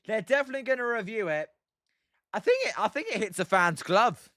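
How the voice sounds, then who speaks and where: A man's voice: high voice, very animated, brisk, pushed and bright, no room sound, studio quality. A young English man giving casual live reaction commentary on a baseball game as a stream host, chatting and answering viewer comments with frequent fillers. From England. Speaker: livestream host watching baseball.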